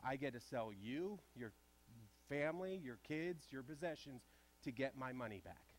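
A man's voice: mid-range voice, animated, normal speed, a little hiss or hum, natural voice. A man voicing a stern wealthy master who demands his money back in a blunt, demanding way.

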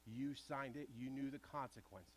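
A man's voice: medium pitch, moderate pace, slight background noise, natural voice. A man voicing a stern wealthy master who demands his money back in a blunt, demanding way.

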